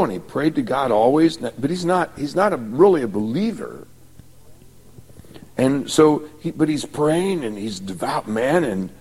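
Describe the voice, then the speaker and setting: A man's voice: mid-range voice, a little mellow, slightly rough. A man preaching a sermon, retelling scripture in a folksy, conversational way with many asides. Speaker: pastor. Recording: long hall reverb.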